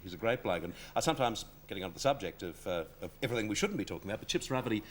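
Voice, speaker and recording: Fast-talking Australian TV host. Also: male voice, lowish voice, expressive, a little hiss or hum. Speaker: TV variety show host. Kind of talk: chatty TV talk show hosting.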